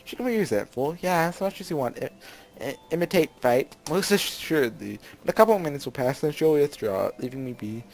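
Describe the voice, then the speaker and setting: Man, let's play host, reads game text aloud, playful character voices, frequent laughter, slightly high pitch. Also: a little fast, vocal fry, faint music behind. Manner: laughs often, bursts into loud excited reactions.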